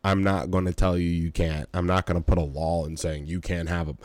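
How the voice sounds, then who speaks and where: A man's voice: low voice, level tone, fairly quick, a little mellow, dry recording, clean studio sound. A young adult man hosting his podcast, tired and yawning, rambling casually with fillers and swearing. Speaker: podcast host. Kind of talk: casual early-morning monologue.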